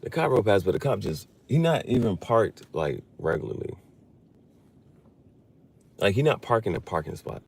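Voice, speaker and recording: Rambling low-voiced man, lively pitch. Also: normal speed, vocal fry, pauses often, breathy edge. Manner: rambling, loose, with many restarts and fillers; spells out unfamiliar words letter by letter. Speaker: vlogger. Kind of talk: casual chat while reading.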